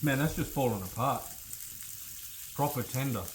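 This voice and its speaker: An Australian man vlogging casually while cooking outdoors, talking in a relaxed, blokey way, swearing casually and tagging lines with "eh". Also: medium pitch, normal speed, echoey room, slight background noise, low-quality recording. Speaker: outback station vlogger.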